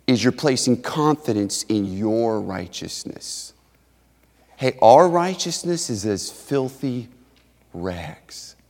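A man in his thirties preaching a sermon, swinging from near shouts to soft, hushed pleading. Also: mid-range voice. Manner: impassioned, rising to near shouts then dropping soft and hushed. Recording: reverberant hall.

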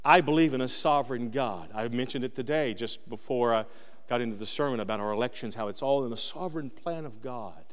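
A man preaching a sermon as pastor, dropping low and quiet, then rising into loud, high peaks. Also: a little fast, long reverb tail.

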